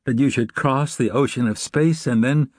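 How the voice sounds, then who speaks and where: A man voicing a serene, soft-spoken male mystic seer, speaking calmly and gently. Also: dry recording, studio quality, close to an everyday voice. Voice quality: soft, rather high voice. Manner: calm, gentle, unhurried. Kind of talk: audiobook character voice.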